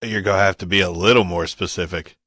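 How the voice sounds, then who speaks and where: A man's voice: sits low, fairly even intonation, fast talker, pushed and bright, slightly rough, no echo. A man co-hosting a podcast who cuts in with dry, joking questions. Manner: dry, interrupting wisecracks. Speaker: podcast co-host. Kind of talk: casual chat.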